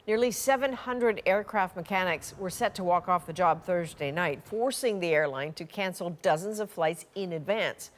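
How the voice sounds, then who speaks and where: A woman anchoring the news, reading headlines in a crisp, composed way. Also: on the low side.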